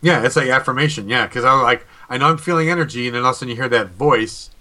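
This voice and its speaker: Bright-voiced man chatting on a video call. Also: medium pitch, fast. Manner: rambling, restarts often, acts out quotes. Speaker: paranormal investigator and psychic co-host. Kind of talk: casual chat on a live video call show. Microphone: video call mic.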